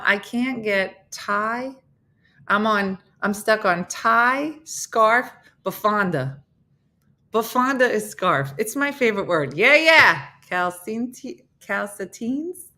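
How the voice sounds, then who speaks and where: Animated, bright-voiced Jersey woman. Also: medium pitch. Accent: New Jersey. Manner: chatty, self-mocking, reads out viewer comments. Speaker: comedian hosting a live morning show. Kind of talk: casual chat with live viewers.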